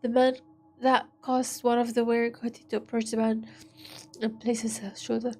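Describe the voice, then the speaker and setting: A woman's voice: fairly high pitch, flat delivery, darkish tone. Woman stumbling through a story read-aloud. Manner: halting reading with joking asides. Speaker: streamer. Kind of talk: reading an interactive story aloud.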